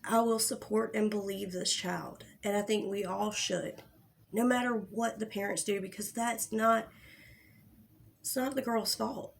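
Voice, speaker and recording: A woman's voice: medium pitch, fairly even intonation, measured pace, creaky, a little hiss or hum. Blunt, swearing woman commentator. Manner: blunt and profane, with frequent restarts. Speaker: drama commentary host. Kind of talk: casual livestream commentary.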